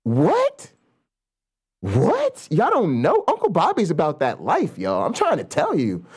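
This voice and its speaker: Hype-man co-host, profane riffing, voice leaping all over the pitch range. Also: moderate pace, husky. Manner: excitable, hyping, big pitch swings. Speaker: show co-host.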